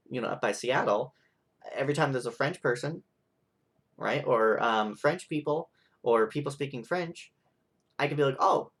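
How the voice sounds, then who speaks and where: Young man, vlog rant, mid-pitched voice, rambling frustrated delivery with constant fillers. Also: fairly bright tone. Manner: rambling, frustrated, full of "like" and "right?". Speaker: vlogger. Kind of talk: ranting monologue.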